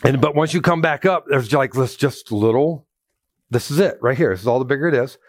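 A man's voice: medium pitch, fairly quick, dry recording, clean studio sound. A man preaching a conversational sermon in a church, telling personal stories with jokes and calling out to the congregation. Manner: joking, animated storytelling with congregation call-outs. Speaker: pastor.

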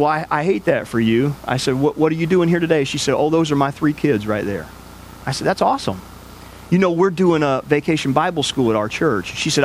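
A man's voice: on the high side, slight background noise. A man pastor preaching a sermon, telling a personal story in an earnest, conversational way with frequent restarts.

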